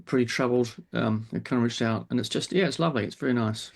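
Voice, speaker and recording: A man's voice: medium pitch, fast, vocal fry. A man, a podcast guest, speaking in an easygoing, reassuring way with frequent restarts. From New Zealand. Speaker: guest, psychologist and TV presenter. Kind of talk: casual interview chat.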